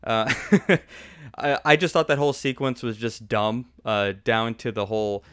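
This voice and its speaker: A man's voice: medium pitch, steady tone, unhurried, smooth, no echo, studio quality. A man hosting a podcast, giving an opinionated, sarcastic movie review in casual chat and laughing often. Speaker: podcast host.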